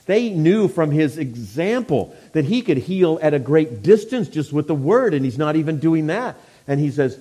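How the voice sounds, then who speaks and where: Mellow-voiced man preaching a sermon. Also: on the high side, big pitch swings, normal speed, hardly any pauses, breathy edge. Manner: dynamic preaching, swinging from hushed to loud.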